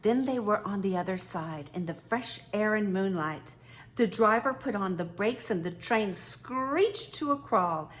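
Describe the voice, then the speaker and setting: A woman reading a children's story aloud, slowly and expressively. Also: medium pitch. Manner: slow, expressive read-aloud.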